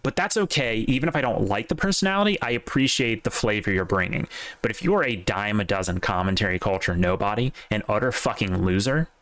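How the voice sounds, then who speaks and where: A man's voice: fairly low pitch, animated, fast, fairly bright tone, dry recording. A man co-hosting a casual stream, talking bluntly and profanely, often restarting his sentences. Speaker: podcast co-host.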